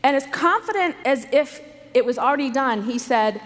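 Woman, sermon, earnest storytelling, emphatic repeats, somewhat high voice, long hall reverb. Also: animated, moderate pace. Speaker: conference speaker. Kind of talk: sermon to a women's conference. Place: large conference hall.

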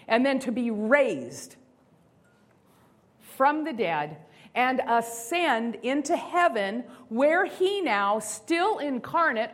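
Slow, lively woman preaching. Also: sits high. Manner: expressive, acts out inner voices, slows for emphasis. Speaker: speaker. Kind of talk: sermon-style talk.

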